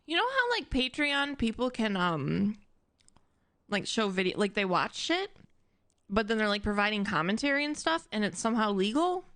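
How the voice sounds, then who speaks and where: A woman live-streaming casual chat to her audience, animated and admittedly dramatic. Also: mid-range voice, normal speed, no room sound. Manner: animated and self-described dramatic.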